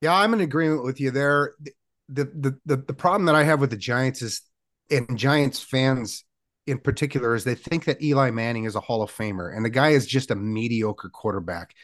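A man's voice: mid-range voice, normal speed, fairly bright tone, no room sound. Brief: male co-host, rambling sports banter, laughs easily, dry close mic. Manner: chatty, laughs often, rambling. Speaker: podcast co-host making picks. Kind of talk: casual sports chat.

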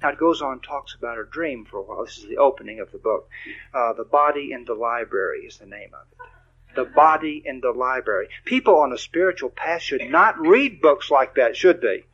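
An older man, a spiritual teacher, giving a playful, animated talk with readings. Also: medium pitch, brisk, highs cut off.

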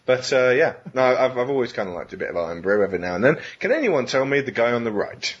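A man's voice: mid-range voice, very animated, fast, slightly rough. A man hosting a casual quiz, making sweary, exasperated jokes. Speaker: quiz host. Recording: muffled lo-fi recording.

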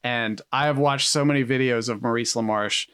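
Animated man telling a story. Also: medium pitch, normal speed, clean tone, no room sound, clean studio sound. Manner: animated storyteller, laughing often. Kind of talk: casual chat.

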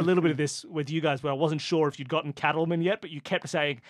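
A man's voice: on the high side, fairly even intonation, quick pace, dry recording, clean studio sound. An Australian man co-hosting a podcast, chatting casually and explaining at length with asides. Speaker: podcast co-host. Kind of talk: casual chat.

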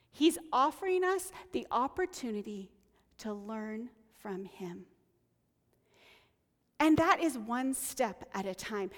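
Woman preacher, high voice, unhurried, earnest, conversational with hushed moments, long hall reverb. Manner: earnest, conversational, drops to soft near-whispers on key lines. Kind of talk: sermon.

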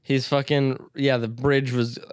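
A man's voice: medium pitch, flat delivery, a little slow, smooth, no echo, clean studio sound. A man co-hosting a podcast in casual chat, laid-back, swearing casually and laughing easily. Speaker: podcast co-host.

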